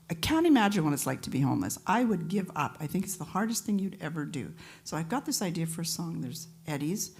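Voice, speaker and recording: A woman, a singer, telling a story between songs at a live event and acting out the voices of the people in it. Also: low-pitched. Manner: lively anecdotal, acts out quoted voices.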